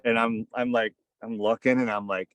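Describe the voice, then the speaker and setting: A man's voice: mid-range voice, level tone, moderate pace, a bit bright, clean tone, no echo, dull audio. A man in his thirties or forties, a podcast guest, telling a casual story in a rambling way full of "kinda" and "like.". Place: on a fishing boat.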